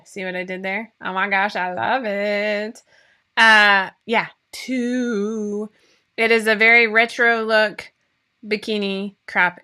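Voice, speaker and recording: A woman hosting a sewing pattern company show chats on a casual live stream, bubbly and rambling with many fillers. Her voice is medium-pitched and sharp in tone.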